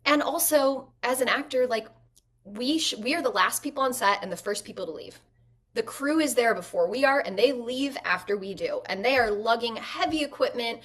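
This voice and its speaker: A woman, an actress and guest, telling stories at home in a lively way and using "like" often. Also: a little high, brisk. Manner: animated storyteller, frequent "like" fillers. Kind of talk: conversational interview.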